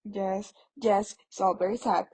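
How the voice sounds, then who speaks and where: A woman voicing Professor McGonagall, a strict older female professor, speaking in a brisk, scolding, hushed way. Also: medium pitch, steady tone, breathy edge. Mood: hushed firm.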